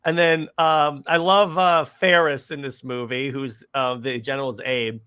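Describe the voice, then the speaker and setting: A man's voice: medium pitch, flat delivery, a little slow, sharp tone, clear, resonant tone. A man hosting a casual movie discussion, eagerly recapping scenes and often stumbling over his words as he restarts. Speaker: podcast host.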